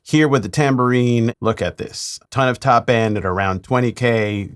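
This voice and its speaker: A man, a mix engineer, talking through a mixing tutorial in a relaxed way with playful asides. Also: mid-range voice, moderate pace, clear, resonant tone.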